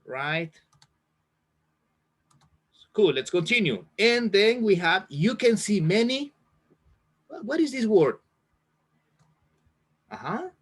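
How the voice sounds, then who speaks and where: A man teaching an English reading class over a video call, speaking slowly and repeating words to encourage his students. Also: high-pitched, sing-song, breathy edge.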